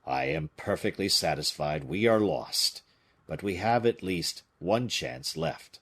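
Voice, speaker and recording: A man's voice: low-pitched, expressive, fairly bright tone, husky, heavily acted. A man doing a cool, commanding musketeer. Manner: measured, deliberate. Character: cool, commanding male bishop-musketeer, calculating.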